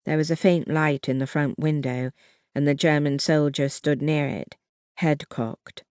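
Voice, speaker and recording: An audiobook narrator reading a historical novel in a measured, even way. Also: medium pitch, clear, resonant tone, no room sound, clean studio sound. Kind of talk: scripted narration.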